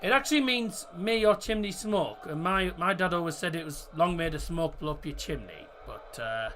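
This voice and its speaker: Male watchalong host, high and lively, chatty and loose with the odd swear word. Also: moderate pace, a little hiss or hum. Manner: chatty, reads and answers live chat, swears casually. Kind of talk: casual live-stream chat and match talk.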